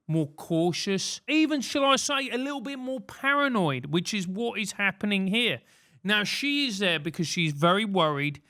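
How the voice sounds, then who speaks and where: A London podcast host with a British accent gives comedic advice, ranting and mocking himself. His voice is high, sharp, clear and resonant.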